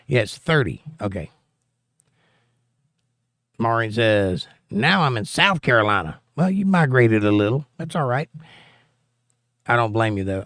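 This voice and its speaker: A man's voice: medium pitch, fairly bright tone, dry recording, studio quality. A man with a Southern accent hosting a casual political livestream, reading viewer comments aloud with wry, joking asides. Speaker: livestream host.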